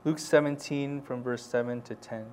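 A pastor preaching a sermon, reading scripture quietly and then building to loud, rising exhortation. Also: male voice, medium pitch, steady tone, moderate pace, a little hiss or hum.

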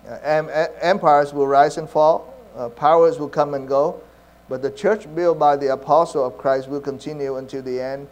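Halting, earnest male preacher. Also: a little high, darkish tone. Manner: halting, many fillers and restarts. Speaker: pastor. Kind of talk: sermon.

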